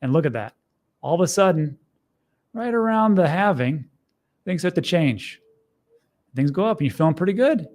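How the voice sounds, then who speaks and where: Chatty man, pitch a touch raised. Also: moderate pace, long pauses. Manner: conversational, animated, slightly sardonic asides. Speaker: host. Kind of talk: casual screen-share commentary.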